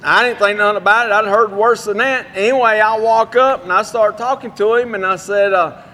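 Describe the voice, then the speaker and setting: Male pastor, very high voice, folksy sermon storyteller, long hall echo. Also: fairly even intonation, a little fast, bright, forceful tone.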